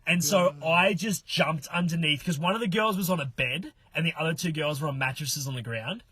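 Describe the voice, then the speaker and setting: Animated man telling a story. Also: a little high, a little fast. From Australia. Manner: animated, swearing, laughing, acting out other people's lines. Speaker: mystery guest telling a story. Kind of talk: casual storytelling among friends.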